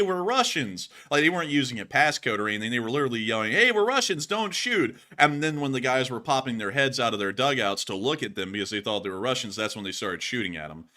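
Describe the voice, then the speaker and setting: A man hosting a casual war-news commentary show, opinionated and rambling, with lots of "like" fillers. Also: lowish voice. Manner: rambling, heavy use of "like" fillers; opinionated and animated. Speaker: show host.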